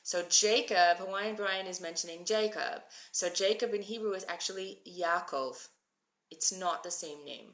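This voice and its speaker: A woman's voice: on the low side, moderate pace, fairly bright tone. A woman in her thirties teaching a live Hebrew reading class, chatting with viewers and answering them by name. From moved to Israel as an adult. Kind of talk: live-stream lesson, reading viewer comments.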